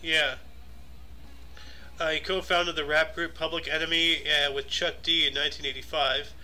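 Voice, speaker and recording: A man's voice: a little high, little pitch movement, pushed and bright. A man co-hosting a casual chat show, reading out a list of birthdays and joking about the names. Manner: jokey, reads lists quickly. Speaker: podcast co-host reading dates.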